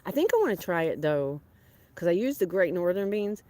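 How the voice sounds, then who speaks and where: Chatty farm woman, animated. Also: on the low side, a little fast. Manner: chatty and animated, talks to her viewers. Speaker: farm vlogger. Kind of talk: casual live-stream chat. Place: outdoors on a small farm.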